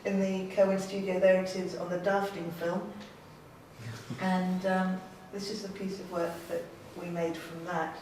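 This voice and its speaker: A woman's voice: fairly low pitch, flat delivery, measured pace, a little mellow, far from the mic, a little hiss or hum. A woman artist giving an informal, enthusiastic gallery talk to an audience, chatty and self-deprecating. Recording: very echoey room, voice from afar.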